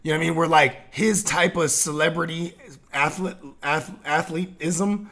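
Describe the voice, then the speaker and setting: High-pitched dude hosting a sports podcast, swears a lot, laughs a bunch, lots of "you know what i mean". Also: male voice, moderate pace. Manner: animated, swearing, laughing often, lots of fillers. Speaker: podcast host. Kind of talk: casual sports chat.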